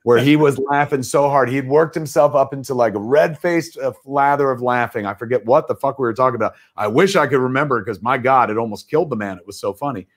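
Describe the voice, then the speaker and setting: Middle-aged man, animated storyteller on a video call, salty and quick with impressions. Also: mid-range voice. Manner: animated storyteller, swears freely, acts out quotes. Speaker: guest filmmaker. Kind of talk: livestream anecdote telling.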